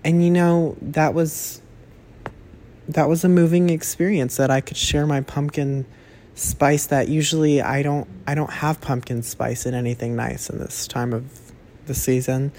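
A man's voice: on the high side, flat delivery, a little slow, a little mellow, slight background noise. A young man rambling through a casual solo monologue as a podcast host, chatty and self-correcting, swearing freely. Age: young adult.

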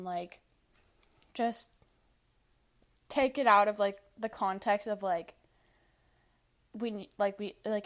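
A young woman hosting a casual monologue of opinions, blunt and profane, filling nearly every phrase with "like". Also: medium pitch. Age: young adult. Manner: blunt, profane, filler-heavy with constant "like". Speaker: podcast host. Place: Washington State.

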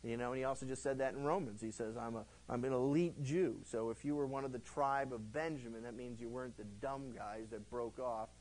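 A pastor of middle age teaches through scripture in a loose, chatty way, bringing the story to life. His voice sits at an everyday middle pitch, and he slips into voices when acting out the quotes he tells. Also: fairly quick, hardly any pauses, low-quality recording. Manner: conversational, animated, acts out quotes. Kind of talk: verse-by-verse Bible teaching.

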